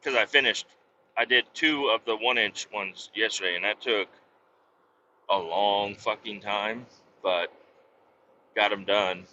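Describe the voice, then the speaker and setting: A man's voice: fairly low pitch, fairly even intonation, measured pace, pauses often, pushed and bright. A man telling a long work story in a casual monologue. He talks bluntly, swears freely and often restarts his sentences. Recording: dull lo-fi sound with faint vehicle hum.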